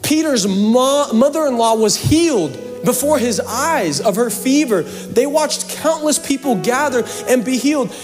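A man's voice: extremely high pitch, lively intonation, a little slow, hardly any pauses, long reverb tail, faint music behind. A pastor from Seattle preaching a sermon to his congregation in church, mixing scripture with jokes and playful asides. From Seattle, USA.

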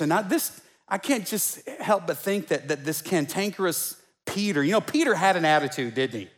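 A pastor with a high-pitched voice preaching to his congregation. He talks loosely, restarts his phrases again and again, and throws in joking asides. His voice trails off into a long church-hall reverb. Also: animated, moderate pace, few pauses. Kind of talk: sermon.

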